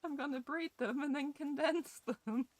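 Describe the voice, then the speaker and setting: A young Scottish woman with a high voice streams a game at normal speed, joking and swearing as she chats with her viewers. The recording has no echo.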